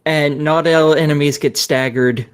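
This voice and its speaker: A woman's voice: deep voice, steady tone, measured pace, clean tone. A woman on a podcast panel, talking casually about a game in a blunt, sardonic way and swearing freely. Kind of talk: casual gaming chat.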